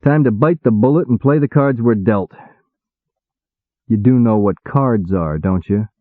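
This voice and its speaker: A man's voice: medium pitch, unhurried, dry recording, natural voice. A man voicing an impatient, wisecracking male demon who talks bluntly in slang, on a tinny recording. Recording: tinny phone-like dry sound.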